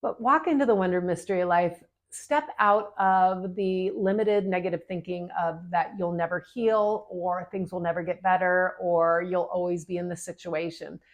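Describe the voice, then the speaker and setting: A middle-aged woman, an energy healer, telling a heartfelt story about a client in an earnest, gently spiritual way, with long flowing phrases. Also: lowish voice, fairly even intonation, normal speed.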